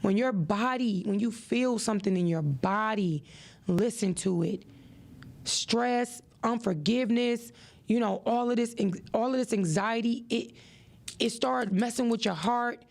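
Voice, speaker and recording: Woman host with a gravelly edge, preachy and animated. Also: unhurried. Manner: animated and preachy, with expressive rises in pitch. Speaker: podcast host. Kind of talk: motivational podcast talk.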